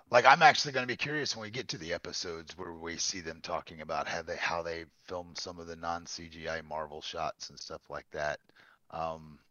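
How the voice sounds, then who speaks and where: A young man co-hosts a podcast in loose, rambling chat, swearing freely. His voice sits low. The recording is dry and somewhat dull. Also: sharp tone, no room sound. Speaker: podcast co-host. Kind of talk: casual chat.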